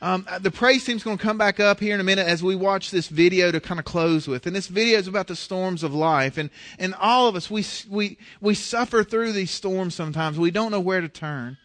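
A man with a high voice preaches a Sunday sermon. He speaks earnestly and in a plain, conversational way. He often stumbles and doubles words at the start of his sentences. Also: brisk, few pauses, fairly bright tone. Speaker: pastor.

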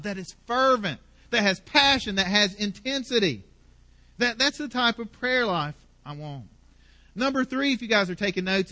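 A pastor delivering a sermon in a high, bright, forceful voice. He preaches with passion and builds his points through emphatic repetition.

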